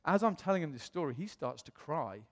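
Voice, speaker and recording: A British man preaching a sermon, telling a story with animated acted-out dialogue. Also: on the high side, fairly quick, long reverb tail. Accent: British English. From England. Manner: animated, acts out quoted voices. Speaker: pastor.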